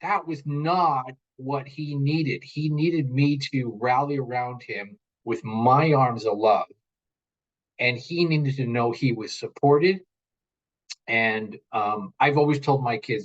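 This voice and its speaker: A man in his forties, a parent and interview guest, telling stories in an earnest, animated way and often repeating his words. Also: medium pitch, slow pace, muffled recording. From United States. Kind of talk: casual interview chat.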